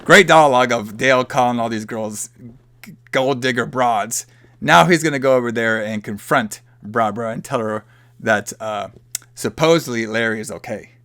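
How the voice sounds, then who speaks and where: A man's voice: medium pitch, normal speed, bright, forceful tone, no echo. A man hosting a podcast, loosely and profanely retelling a movie plot in casual chat. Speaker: podcast host.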